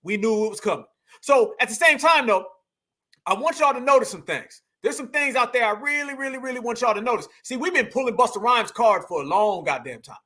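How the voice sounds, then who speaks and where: A man hosting a livestream, delivering animated, profane ranting commentary straight to his audience. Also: very high voice, brisk. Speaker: livestream host.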